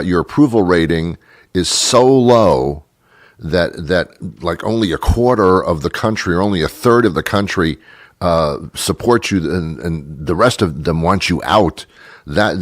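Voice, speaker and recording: A man with a very deep voice hosts a talk show in a dry, close studio sound. He rambles sarcastically and laughs between his points. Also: no echo. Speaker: radio talk show host. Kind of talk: casual monologue.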